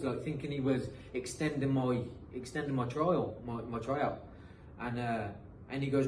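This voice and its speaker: A man's voice: mid-range voice, steady tone, moderate pace, few pauses, a little mellow, distant mic. Rambling British man in an echoey room. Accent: British English, mixed with some American. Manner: rambling, repeats himself, frequent um and uh. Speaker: guest, professional footballer. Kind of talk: casual podcast storytelling. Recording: echoey room, mic set back, faint noise.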